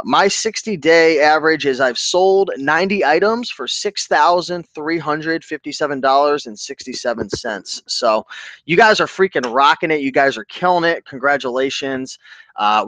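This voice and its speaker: A man's voice: a little high, no echo. A man hosting a casual live stream, chatting loosely and reading out viewers' comments with lots of enthusiasm. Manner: animated, reads out viewer comments and shouts them out. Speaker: host of a reselling live stream.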